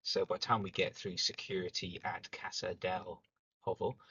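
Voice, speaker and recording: A man co-hosting a podcast from a car, joking in a dry, deadpan way. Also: low-pitched, normal speed, husky, dull audio. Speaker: podcast co-host. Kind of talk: casual chat. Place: inside a car.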